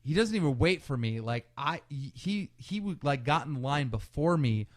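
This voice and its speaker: A male podcast co-host with a slightly high voice speaks at a moderate pace. He tells a story casually and profanely, animatedly acting out what people said.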